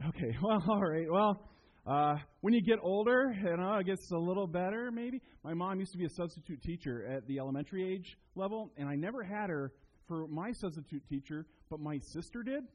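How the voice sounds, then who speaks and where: A male pastor preaching with a lively, up-and-down delivery, breaking into little acted-out voices while he tells stories. His voice sits a bit high and has a husky edge. He speaks to a congregation in a church. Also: rough recording. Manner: animated storytelling, acts out quotes. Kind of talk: sermon.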